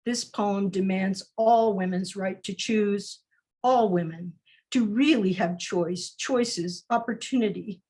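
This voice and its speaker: Slow, deliberate woman reading poetry. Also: mid-range voice, darkish tone, husky. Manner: slow, deliberate recitation with measured pauses. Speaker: featured poet. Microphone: video call.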